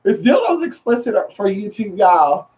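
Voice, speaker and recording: A woman vlogger chats casually to camera, sassy and full of slang, calling viewers girl and honey and repeating phrases for emphasis. Her medium-pitched voice swings widely, moves at a normal speed and is a little mellow, on a muffled lo-fi recording.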